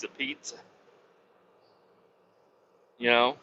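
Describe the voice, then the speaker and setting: Brief: cussing trucker-podcast man, a bit high, very bright and sharp, lo-fi dull sound with faint hum. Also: animated, moderate pace. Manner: profane, joking, rambling. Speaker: podcast host. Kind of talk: casual rambling monologue. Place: truck cab while driving.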